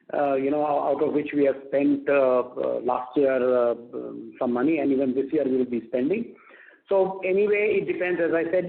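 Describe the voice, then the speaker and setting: A male company executive with an Indian English accent answering analysts on an earnings call, halting and full of fillers and restarts. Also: fairly high pitch, gravelly. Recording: tinny phone line.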